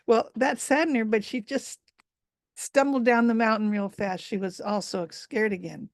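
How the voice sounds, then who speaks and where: A woman tells a folk tale at a live storytelling event, unhurried and chatty with fillers and asides. Her voice is gravelly in a middle pitch. The sound is dry and close. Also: no room sound.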